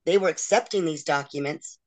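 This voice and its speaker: A woman's voice: sits low, fairly quick, a little mellow. Emotional middle-aged woman telling her story. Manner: emotional, frank, acts out others' quoted words. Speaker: interview guest. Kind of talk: candid personal storytelling.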